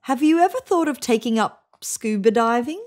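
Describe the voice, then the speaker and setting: A woman's voice: a little high, animated, moderate pace, darkish tone, slight background noise, pitched above the performer's own voice, natural voice. Wry storybook animal friend read by a woman, dry and muttering, close to her own voice.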